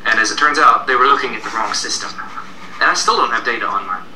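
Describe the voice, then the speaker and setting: A man co-hosting a casual tech chat, telling stories in a relaxed way with fillers. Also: medium pitch, quick pace. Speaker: co-host. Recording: distant, echoey room with faint noise.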